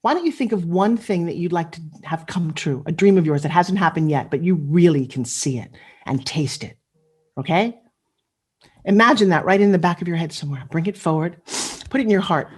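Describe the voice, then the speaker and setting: A fairly quick, lively woman's voice, on the low side, with a darkish and slightly rough tone. She's a middle-aged motivational speaker on a video call from home, her earnest personal storytelling swelling into cheers that rally the audience.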